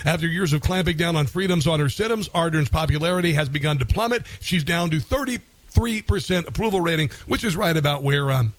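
A man's voice: on the high side, expressive, a little fast, no echo. A man hosting a radio talk show, commenting sarcastically and rambling with fillers.

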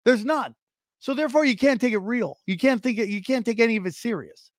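A man's voice: very high voice, lively intonation, fairly quick, no room sound. A man ranting profanely in casual podcast chat, stumbling and restarting his sentences.

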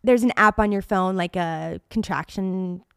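A young woman co-hosting a podcast, telling a story in an animated, chatty way and laughing often. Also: mid-range voice, a little slow, creaky, clear, resonant tone, no echo, clean studio sound. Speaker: podcast co-host. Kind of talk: casual storytelling chat.

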